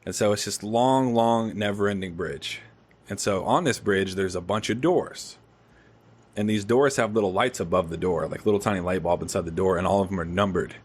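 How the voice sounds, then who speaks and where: A man's voice: sits low, normal speed, slightly rough. A young adult man hosting a podcast, telling a story in casual chat with lots of swearing. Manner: animated storytelling, swears freely. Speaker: podcast host.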